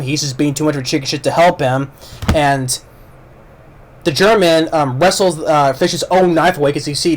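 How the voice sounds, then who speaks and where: A man reviews a film in a relaxed, unscripted way, his voice sitting a little higher than most men's. He wanders through the story, circling back and restarting sentences, with frequent fillers between his thoughts. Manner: rambling plot retelling with many fillers and restarts. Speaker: movie reviewer. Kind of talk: casual movie review.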